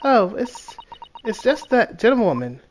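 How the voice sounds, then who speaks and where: A man's voice: sits high, very animated, unhurried, a little hiss or hum, pitched above the performer's own voice. A man voicing an earnest, slightly nervous young male lawyer, reading game dialogue politely and hesitantly.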